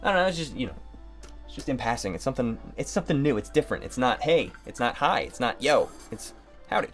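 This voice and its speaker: Soft music plays behind this Ohio-born livestreaming artist, who speaks quickly at a medium pitch in a sing-song way. As he works, he keeps up casual chatter, rambling, cracking jokes and muttering to himself.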